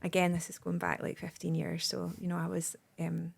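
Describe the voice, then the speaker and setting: A woman's voice: lowish voice, monotone, fairly quick, gravelly, breathy edge. Chatty Scottish woman telling stories. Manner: chatty, rambling anecdotes with frequent restarts. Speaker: comedian guest. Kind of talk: casual podcast storytelling.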